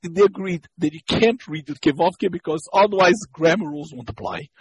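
A man's voice: high-pitched, brisk, breathy edge, rough recording. A man teaching a lesson on Hebrew grammar. He explains step by step, repeats key points, and stops to search for words. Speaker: Torah teacher.

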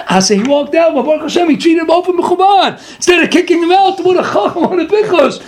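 A man with a strikingly high voice delivers a spirited Torah class as a rabbi. He talks like a lively storyteller and throws himself into the characters he quotes. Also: fast talker, hardly any pauses, background noise. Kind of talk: animated Torah lecture.

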